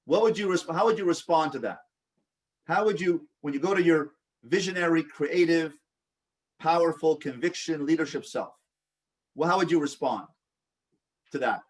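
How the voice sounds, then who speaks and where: Rabbi teaching a group, heard from afar. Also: male voice, a little high, moderate pace, long pauses, recorded from a distance. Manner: coaching tone, asks the group questions and acts out replies. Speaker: rabbi leading a support group. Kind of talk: teaching a live online group session.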